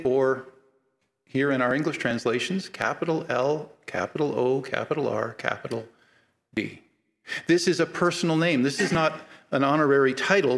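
A male preacher with a voice a little higher than most men's. He talks to his congregation in an easy, conversational way. He builds to emphatic, repeated lines. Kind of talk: sermon.

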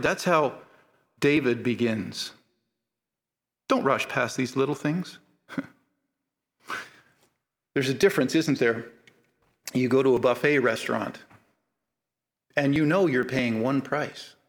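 A man of medium pitch preaches to a live congregation, speaking slowly with long pauses. He talks casually and with humor, building up to emphatic, repeated phrases in a conversational style.

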